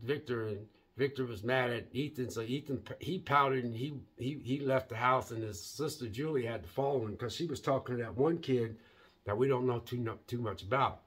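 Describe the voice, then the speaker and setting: A man's voice: medium pitch, a little fast, a bit bright, breathy edge. A man recapping a TV episode in a loose, rambling way, with many restarts and fillers. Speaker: TV episode reviewer. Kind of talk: casual recap vlog.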